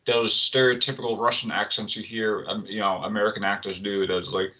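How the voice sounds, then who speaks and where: A man co-hosts a casual entertainment chat show. His voice is very bright and edgy, and he rambles through restarts and fillers as he talks. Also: fairly low pitch, fairly even intonation, a little fast, low-quality recording. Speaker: co-host.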